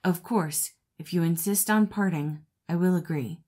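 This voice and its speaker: A woman voicing a good-natured, gentle male dog in a storybook reading, speaking quietly and humbly. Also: lowish voice, unhurried.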